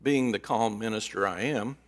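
A male pastor preaching a sermon, telling folksy, animated stories. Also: lowish voice, normal speed. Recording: long reverb of a large hall.

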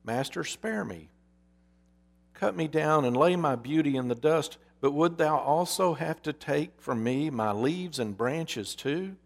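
Proud old-fashioned bamboo guy begging softly, a man doing it, slow. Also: a little high, creaky, big-room sound, pitched above the performer's own voice. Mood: pleading. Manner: pleading, quivering and archaic. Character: proud noble bamboo plant, male, pleading.

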